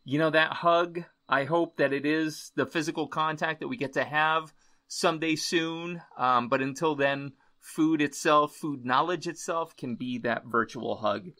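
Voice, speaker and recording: Guy hosting a chatty podcast, bright voice, gushing and a bit choked up. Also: on the high side, unhurried. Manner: enthusiastic, gushing, chokes up at times. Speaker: podcast host. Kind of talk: casual interview chat.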